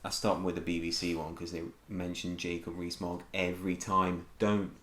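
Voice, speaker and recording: A man co-hosting a casual film podcast, relaxed and rambling with many ums. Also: sits low, normal speed. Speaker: podcast co-host. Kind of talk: casual chat. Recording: echoey room with faint hum.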